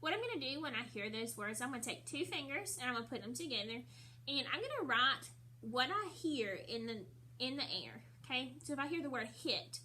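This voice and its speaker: A young woman teaching a recorded phonics lesson to first graders, drilling letter sounds slowly and repeating each word. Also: sits high, expressive, sharp tone, a little hiss or hum.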